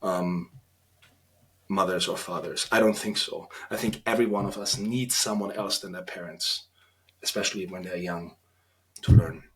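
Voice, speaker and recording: A man in his thirties with an Austrian German accent, a guest on a podcast interview, talking earnestly and reflectively with halting restarts. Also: deep voice, fairly even intonation, a bit bright. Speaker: podcast guest, trainee priest.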